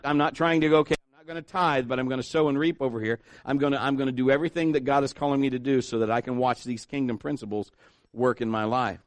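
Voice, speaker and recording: A man preaching a sermon, telling a story in an animated way and acting out the voices of others. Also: a little high, dry recording. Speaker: pastor.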